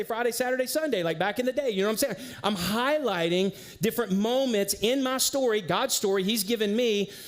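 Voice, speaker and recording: A man preaching a sermon as pastor, in a casual, conversational way with slang and lively storytelling. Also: high-pitched. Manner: animated storyteller.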